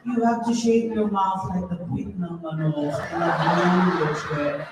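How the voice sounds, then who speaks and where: A woman's voice: mid-range voice, normal speed, mellow. A Filipino woman with a Filipino English accent, doing theatrical stand-up comedy on a concert stage, slipping into Tagalog and sing-song words. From Philippines. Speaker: performer. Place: large concert venue. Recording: echoey distant live hall mic.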